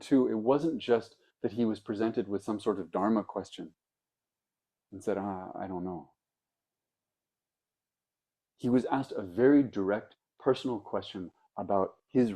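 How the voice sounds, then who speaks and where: A Zen teacher with a low, mellow male voice gives a dharma talk. He tells old stories slowly and reflectively, pausing to let points sink in. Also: slightly rough. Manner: reflective storytelling with pauses.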